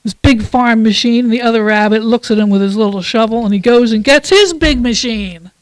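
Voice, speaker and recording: A woman leading a church service, reading a passage aloud and then telling a children's story in a calm, measured way. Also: on the high side, no echo, low-quality recording. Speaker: worship leader.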